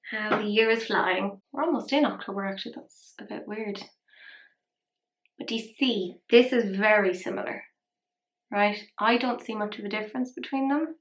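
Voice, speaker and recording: Woman vlogger, chatty and self-deprecating, mid-pitched voice in a roomy space. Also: moderate pace. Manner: chatty, self-mocking, rambling asides. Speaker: makeup vlogger. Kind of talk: casual makeup tutorial chat. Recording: roomy echo.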